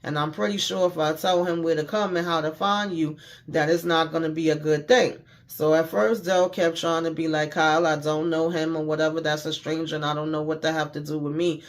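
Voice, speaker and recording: A man's voice: on the high side, level tone, brisk. A man giving a casual, slangy recap of a TV episode, retelling scenes by quoting the characters with mild cursing. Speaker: TV show recapper.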